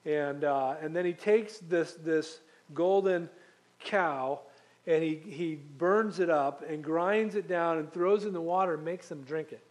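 A man's voice: fairly high pitch, measured pace, a little mellow. A man preaching a conversational Bible-teaching sermon, walking through scripture with frequent ums and restarts. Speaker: pastor.

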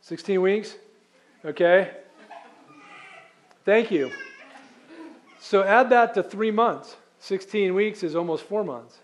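A man's voice: sits high, slow pace, long pauses, a little hiss or hum. A man preaching a sermon as pastor, reading scripture and explaining it in a conversational, emphatic way, asking the congregation questions.

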